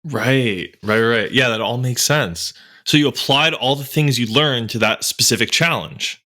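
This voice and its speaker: Bright, awkward young podcast host. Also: male voice, mid-range voice, a little slow. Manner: awkward, hesitant. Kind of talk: comedic podcast banter.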